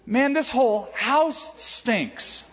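A man voicing a cranky, grumpy elderly grandfather who complains indignantly and loudly. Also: extremely high pitch, lively intonation, slow, husky, pitched above the performer's own voice, heavily acted. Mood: disgusted. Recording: echoey hall, dull sound.

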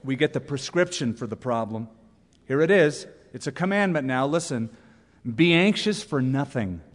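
A man preaching a sermon as pastor, lively and humorous, reading out examples and scripture. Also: medium pitch, normal speed. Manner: animated, reads quotes with humor. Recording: long reverb of a church hall.

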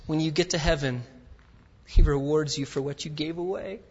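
A man preaching a sermon as a guest speaker, swinging from loud emphatic peaks to quiet, intimate asides. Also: fairly high pitch, steady tone, normal speed, slightly rough. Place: large church sanctuary. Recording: dull audio with long hall reverb.

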